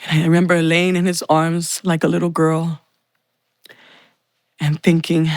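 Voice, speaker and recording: A woman's voice: low voice, little pitch movement, measured pace, long pauses, darkish tone, no room sound. A woman telling her personal faith testimony in an earnest, heartfelt way. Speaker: testimony speaker.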